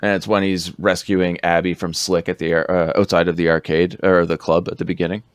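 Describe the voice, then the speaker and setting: A man's voice: flat delivery, fairly quick, clear, resonant tone, no echo. A man co-hosting a film podcast, chatting casually and laid-back, with some hesitant fillers. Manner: laid-back, hesitant with fillers, quotes lines in a low growl. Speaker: podcast co-host. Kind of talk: casual film review chat.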